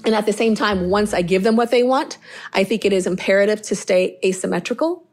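A woman's voice: medium pitch, a little fast. Chatty middle-aged woman. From Inglewood, California. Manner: animated, chatty, full of "like" fillers. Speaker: guest, model and TV producer. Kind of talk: casual storytelling interview.

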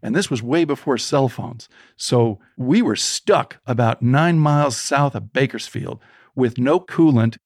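A man, a storytelling coach, interviewed as a guest and telling a personal story in a vivid, animated way. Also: mid-range voice, measured pace, no room sound, studio quality.

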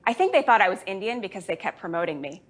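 A woman born in Jamaica hosting a comedy show, delivering a deadpan stand-up monologue. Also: medium pitch, fast. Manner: deadpan, dry delivery with put-on voices for family.

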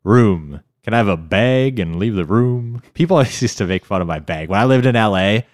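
Minnesota guy on a podcast, low-ish voice, dry close sound, chill and laughy. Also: animated, fairly quick, dry recording. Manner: laid-back, laughs easily. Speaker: podcast co-host. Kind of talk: casual chat.

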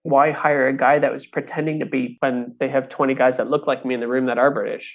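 Gravelly man on a tinny line. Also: medium pitch, quick pace. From Canada. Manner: animated, acts out quoted voices, laughs often. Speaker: actor and puppeteer. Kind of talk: casual storytelling interview. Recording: tinny phone-like sound.

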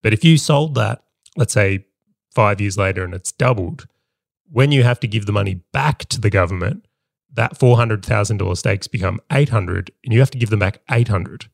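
A man's voice: lowish voice, moderate pace, vocal fry, no echo, clean studio sound. A man co-hosting a business podcast, explaining ideas step by step in an analytical way. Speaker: podcast co-host. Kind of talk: casual business podcast chat.

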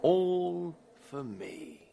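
A jittery young scholar talking to himself in a radio play. His pitch runs fairly high, and it rises and falls a great deal. He speaks slowly against a faint hiss. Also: big pitch swings, vocal fry, mellow, exaggerated voice. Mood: wry. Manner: talks to himself, jittery and easily spooked. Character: nervous young male scholar alone in a haunted room.

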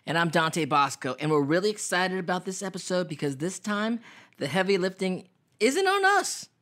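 A man's voice: high-pitched, big pitch swings, normal speed, fairly bright tone. A man co-hosting a podcast, joking around with energy and repeating himself for effect. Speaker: podcast co-host. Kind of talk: casual podcast chat.

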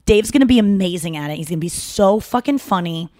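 A woman's voice: fairly low pitch, quick pace, no echo, studio quality. Rambling, chatty woman podcast host. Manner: rambling, animated storytelling with self-interruptions. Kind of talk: casual chat.

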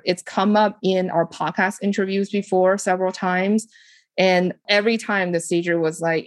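A woman with a fairly low voice hosts a casual advice podcast, answering listener questions in a lively, chatty way. She leans on "like" and "you know" and makes small grammar slips. The sound is dry and close to the mic. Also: no room sound. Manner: lively, animated delivery with frequent "like" and "you know". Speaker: podcast host and home staging business owner.

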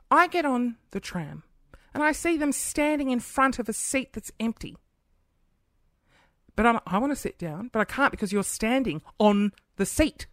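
A woman's voice: on the high side, animated, a little slow, a bit bright, no echo, studio quality. A thirty-year-old woman hosting a podcast, ranting in an exasperated, casual monologue full of swearing and acted-out scenes, talking at home by her computer. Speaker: podcast host.

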